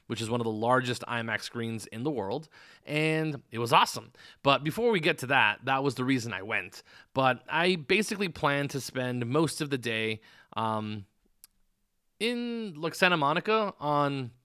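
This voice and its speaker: A man's voice: mid-range voice, sharp tone, clean tone, dry recording, studio quality. A man hosting a podcast, telling a meandering story in casual chat, full of fillers and restarts. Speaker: podcast host.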